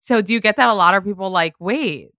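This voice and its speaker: Bright gossipy young woman podcast host. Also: mid-range voice, racing, dry recording, clean studio sound. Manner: gossipy, uses "like" a lot. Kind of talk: casual interview chat.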